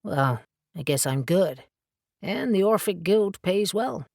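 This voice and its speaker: A woman voicing a gruff, blunt, sarcastic male dealer in magical objects who swears freely. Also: mid-range voice, lively intonation, takes it slowly, a little mellow, dry recording, studio quality, heavily acted.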